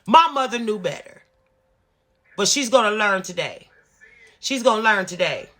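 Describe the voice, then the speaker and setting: Sharp-voiced woman ranting, profane and emphatic. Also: mid-range voice, expressive, normal speed. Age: 50s. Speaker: vlogger. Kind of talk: storytime rant.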